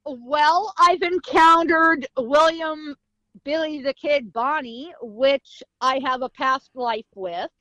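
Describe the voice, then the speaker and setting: A woman's voice: high-pitched, takes it slowly, sharp tone, dry recording, low-quality recording. A woman guest, a psychic medium, telling a story vividly in an interview, acting out sounds and voices. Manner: vivid storytelling with sound effects and acted quotes.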